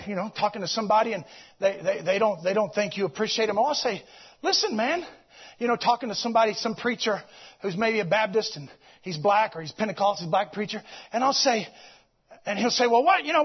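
A man preaching a sermon to his congregation, swinging between loud exclamations and quiet, low passages. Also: slightly rough. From United States. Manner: animated preaching, swings between shouting and hushed. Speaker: pastor. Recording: dull lo-fi recording.

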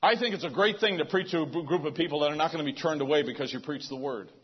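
A man's voice: a little high, very fast, husky. A man preaching a sermon to a congregation in a loose, conversational way, often restarting his phrases. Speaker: pastor. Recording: dull lo-fi sound.

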